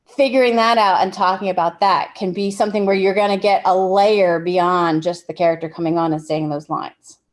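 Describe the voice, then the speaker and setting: A woman's voice: lowish voice, fairly even intonation, normal speed. A woman giving a casual workshop talk on directing actors, explaining with everyday examples and often restarting her sentences. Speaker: film directing instructor.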